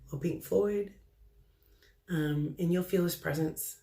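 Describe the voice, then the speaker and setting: A woman psychic medium relaying spirit messages off the cuff, halting and full of ums. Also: lowish voice, creaky, dark tone.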